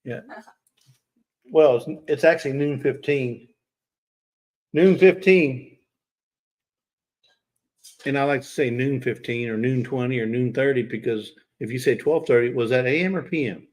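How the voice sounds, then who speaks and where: A man's voice: medium pitch, brisk, few pauses, darkish tone. Chatty man hosting a livestream. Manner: chatty, teasing, talks straight to chat viewers. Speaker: livestream host. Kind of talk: casual livestream chat.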